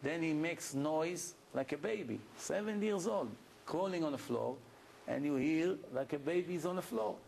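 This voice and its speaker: A man's voice: a little high, expressive, normal speed, creaky, darkish tone, slight background noise. A man lecturing as a rabbi, telling stories in a plainspoken way. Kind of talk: lecture to an audience.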